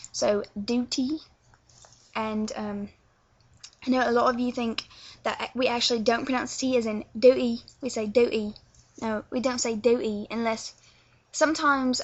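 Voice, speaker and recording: A woman's voice: on the high side, dull audio. A young woman from England with a London accent, chatting her way through a casual tutorial with lots of filler words. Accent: London English. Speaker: vlogger teaching accents.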